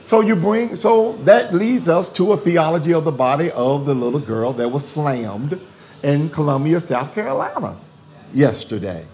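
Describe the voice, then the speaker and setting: Guy in an interview, higher voice that swoops around a lot, emphatic, keeps repeating phrases. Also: animated, moderate pace, darkish tone, slight background noise. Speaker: guest theologian. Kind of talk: conversational interview.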